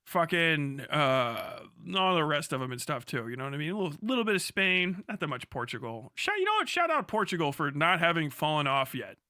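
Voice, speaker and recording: A young man rants to his live chat, swearing freely and breaking into laughter as he leaps between topics. His voice sits a little high and rings bright and forceful. The sound is dry and close, with no room echo. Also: fairly quick, few pauses. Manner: profane, excitable, laughs often, jumps from topic to topic. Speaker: livestreamer. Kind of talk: casual rant to a live chat.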